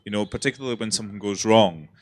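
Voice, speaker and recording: A man's voice: on the low side, very fast, no room sound. A man with a Scottish accent, a theatre director speaking frankly and earnestly on a festival panel. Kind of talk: panel discussion.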